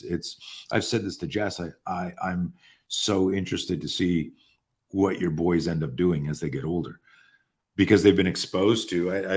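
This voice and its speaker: A man in his sixties with a very low, deep voice tells stories in a relaxed podcast chat. He stumbles and repeats words as he restarts sentences, then brightens when he acts out what other people said. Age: 60s. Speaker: guest. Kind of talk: casual storytelling.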